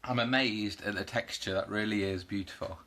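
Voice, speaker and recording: A man's voice: lowish voice, fairly even intonation, brisk, pushed and bright. A British man hosting a casual cooking live stream at home, chatting and greeting viewers by name. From United Kingdom.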